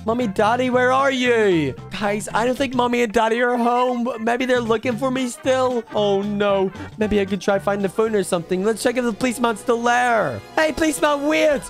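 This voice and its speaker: A gaming creator narrates a roleplay as a lost baby in a mid-pitched voice. The delivery is dramatic and full of exclamations aimed at viewers, with faint game music underneath. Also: steady tone, moderate pace, few pauses. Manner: dramatic, exclaims often, talks straight to viewers.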